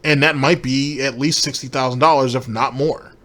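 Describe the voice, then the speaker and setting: A man's voice: medium pitch, steady tone, normal speed, sharp tone. Guy ranting on his commentary channel, sarcastic and rambly, lots of cussing.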